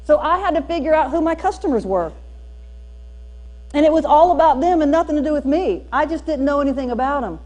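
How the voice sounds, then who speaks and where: A woman with a Southern US drawl tells stories to a room of teachers, her voice sitting high. She is folksy and animated, and she leans hard into her punchlines. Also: fairly quick. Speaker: speaker at a teacher training day. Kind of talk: storytelling keynote talk. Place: church hall used for a school district training.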